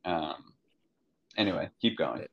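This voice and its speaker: A man co-hosting a fantasy football podcast, chatting in a relaxed, rambling way with many fillers. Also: deep voice, slow, creaky, slightly rough, dull audio. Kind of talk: casual chat.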